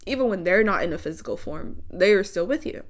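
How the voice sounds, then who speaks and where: A young woman doing a spiritual card reading, slow, teary and earnest as she speaks straight to her viewers. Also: fairly low pitch, lively intonation. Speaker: tarot reader.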